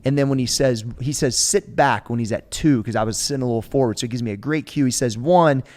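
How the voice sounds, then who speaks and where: A man's voice: mid-range voice, fast, darkish tone. A man in his forties, a strength coach, telling a story in casual podcast talk, acting out quotes and swearing freely. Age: 40s.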